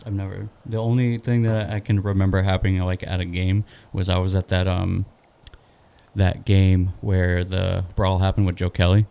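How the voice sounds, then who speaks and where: A man's voice: low voice, flat delivery, moderate pace, vocal fry, warm tone. A man co-hosting a podcast, talking in a laid-back, rambling way. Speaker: podcast co-host. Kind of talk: casual chat.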